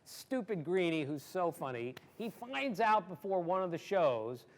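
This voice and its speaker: A man in his sixties with a fairly high voice tells stories to an audience in an animated, emphatic way. He laughs easily and leans hard on key words. He is from Maryland. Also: a little slow. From Maryland, USA. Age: 60s. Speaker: guest sportswriter. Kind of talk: storytelling in an audience Q&A.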